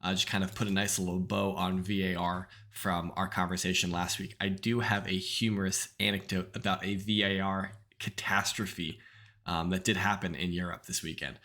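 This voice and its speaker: A man's voice: sits low, level tone, normal speed, sharp tone. A man hosting a podcast in loose, casual chat. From United States. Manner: loose and chatty, many "like" fillers. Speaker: podcast host.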